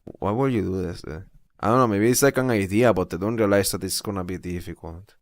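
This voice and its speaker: Young male streamer, lowish voice, dry close sound, laughs a lot, rambling. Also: a little fast, no echo. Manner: chatty, incredulous, laughs often. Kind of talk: casual rambling chat while reading posts aloud.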